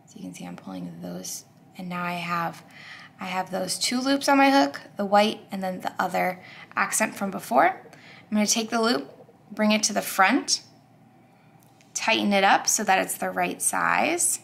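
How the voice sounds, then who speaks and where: Chatty woman with a gravelly edge. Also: mid-range voice, animated, unhurried, fairly bright tone. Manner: chatty, upbeat, thinking aloud with fillers. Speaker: crochet tutorial host. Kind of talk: step-by-step craft tutorial.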